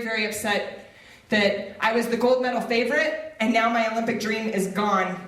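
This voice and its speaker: A woman motivational speaker tells a personal story with humor and direct lines. Her voice is fairly high and off mic, with a distant, roomy echo.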